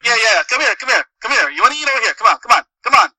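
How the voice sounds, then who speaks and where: A man's voice: very high voice, very animated, rapid-fire, full character voice, rough recording. A man putting on a pushy Italian barker. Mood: coaxing. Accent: put-on Italian-American. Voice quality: loud, insistent, repetitive. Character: pushy Italian restaurant barker, Joe Pesci-like.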